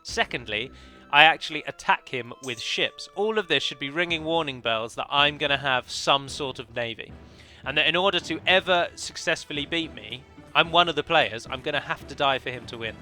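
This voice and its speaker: A man's voice: on the high side, lively intonation, normal speed, hardly any pauses, pushed and bright, soft background music. A man commentating on his own multiplayer strategy match, chatty and analytical, often correcting himself mid-sentence. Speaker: let's play commentator. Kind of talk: game commentary.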